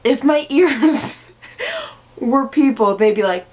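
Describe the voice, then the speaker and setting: A young woman in her twenties talks to the camera in a high, bright voice. She is bubbly and playful, and now and then she slips into silly voices. It feels like a casual chat filmed at home. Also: slow pace, faint music behind. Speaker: book vlogger.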